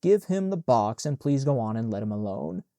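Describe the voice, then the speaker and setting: Man voicing a weary invalid mother, complaining, mellow dry tone. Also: mid-range voice, sing-song, normal speed, no echo. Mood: fretful. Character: fretful invalid Southern mother, self-pitying.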